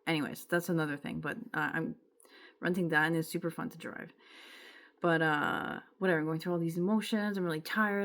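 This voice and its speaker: A young woman from Quebec with a Quebec French accent tells a rambling, emotional personal story in a casual vlog, full of filler words and self-interruptions. Her voice is deep and creaky.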